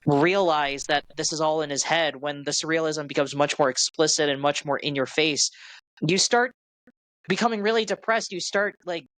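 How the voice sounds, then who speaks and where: A man's voice: on the high side, moderate pace, a bit bright, no room sound, poor audio. A man on a podcast talking through a film in a rambling way, with lots of restarts and fillers as he thinks aloud. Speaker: podcast co-host. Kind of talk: casual film discussion.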